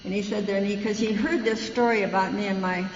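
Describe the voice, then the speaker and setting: A woman's voice: mid-range voice, fairly even intonation, quick pace. Woman telling her story in an echoey hall. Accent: American. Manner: folksy storytelling, frank and plainspoken. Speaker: guest speaker at a recovery meeting. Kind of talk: personal recovery talk. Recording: dull, echoey hall recording with hum.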